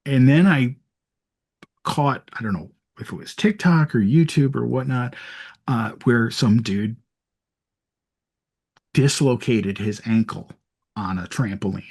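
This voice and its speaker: A man's voice: medium pitch, slow, pauses often, a little mellow, breathy edge. A man chatting casually as a podcast guest, telling stories with frequent restarts and laughs. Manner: storytelling with laughs and many restarts. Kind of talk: casual chat.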